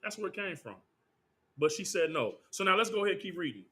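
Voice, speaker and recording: A man leading a scripture class, teaching with streetwise banter and rapid rhetorical questions. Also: high voice, very animated, bright, forceful tone.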